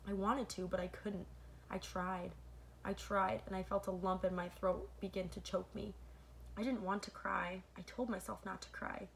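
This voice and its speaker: A woman reading a children's novel aloud as the host of her own read-aloud channel. She corrects her own slips mid-sentence and pauses to add asides to her listeners. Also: mid-range voice, slight background noise. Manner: stops to comment to listeners between passages.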